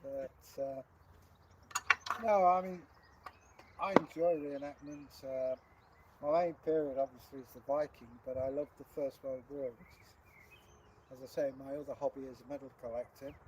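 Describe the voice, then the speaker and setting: A man, chatting casually on a livestream, jokey and quick to laugh. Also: mid-range voice, steady tone, noisy background. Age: 60s. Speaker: co-host.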